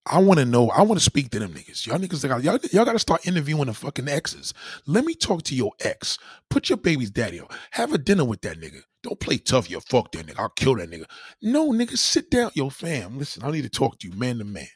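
A man hosting a podcast, telling crude stories in an animated, profane monologue. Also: medium pitch, quick pace, hardly any pauses, husky, no echo, clean studio sound. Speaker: podcast host. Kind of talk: casual comedic monologue.

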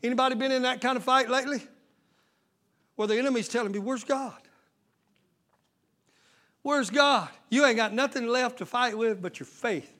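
A male pastor preaching a sermon, swelling into loud shouted passages. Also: extremely high pitch, steady tone, fast. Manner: preaching with sudden shouted surges and folksy Southern-style talk.

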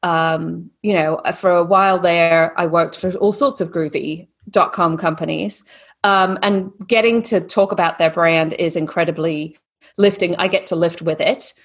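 A woman with a blended British and Texan accent that sounds Australian, speaking as a podcast guest in a lively, animated way. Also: fairly low pitch, a little slow. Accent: mixed British and Texan, sounds Australian. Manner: lively, animated storytelling with put-on voices. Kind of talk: casual podcast interview.

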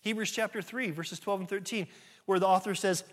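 Male preacher with a high-pitched voice, earnest and conversational, getting loud at times. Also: brisk. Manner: earnest, conversational preaching with sudden rises in volume. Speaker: pastor. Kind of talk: sermon.

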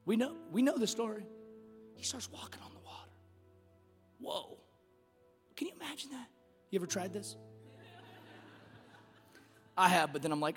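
High-voiced pastor preaching. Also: male voice, moderate pace, long pauses, big-room sound, faint music behind. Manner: animated preaching, swings from quiet storytelling to shouting. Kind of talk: sermon.

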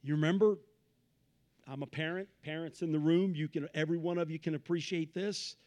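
A man preaching a Pentecostal sermon, swinging from low asides to shouted peaks and repeating phrases in a rhythmic build. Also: fairly even intonation, a little fast. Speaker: pastor.

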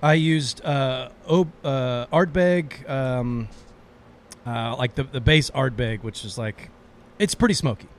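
A man's voice: medium pitch, takes it slowly, a little hiss or hum. A man co-hosting a casual cocktail tasting show, talking loosely and chattily. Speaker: co-host.

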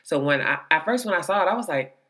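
A woman's voice: lowish voice, fast talker. A woman hosting a podcast, chatting casually and acting out quotes as she tells stories. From Ohio. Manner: lively storyteller, acts out quotes. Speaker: podcast host. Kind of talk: casual chat.

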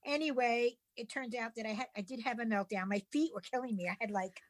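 A woman from the US East Coast, her voice sitting a little high, tells a story in loose, casual chat. She is animated and exasperated, swearing often as she goes. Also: fast talker. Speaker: podcast co-host.

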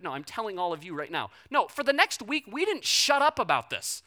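Young guy pastor preaching, bright voice, acts out the story, blunt and lively. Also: high voice, a little fast. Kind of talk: sermon with personal storytelling.

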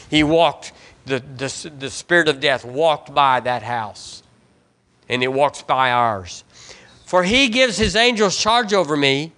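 A Southern man preaches to his congregation in a somewhat high, bright voice. He reads scripture, calls for the room to repeat after him, and drives his points home by saying phrases again and again. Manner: preaching with call-and-response and rising emphatic repetitions. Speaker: pastor. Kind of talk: sermon. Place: church sanctuary.

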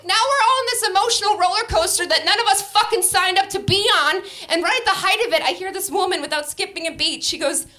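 A woman's voice: extremely high pitch, fast, hardly any pauses, sharp tone, a little hiss or hum. A young adult woman performing a stand-up comedy set, brash and profane, often laughing through her lines.

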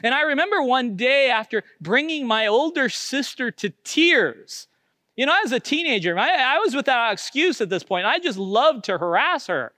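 A middle-aged man preaches to his church in a high, bright tone. He is earnest and confessional, pressing hard on key phrases, then sinking to hushed, nearly whispered words. The close mic sounds dry and close, with no room echo. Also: sing-song, normal speed. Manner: earnest, swings from loud emphasis to hushed near-whispers. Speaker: pastor. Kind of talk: sermon.

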